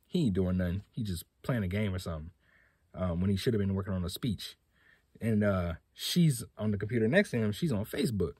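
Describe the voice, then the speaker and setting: A man's voice: on the low side, animated, a little fast, darkish tone, slightly rough, dry recording. A young man hosting a podcast, telling a personal story in a laid-back, slangy way. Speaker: podcast host. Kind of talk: casual storytelling.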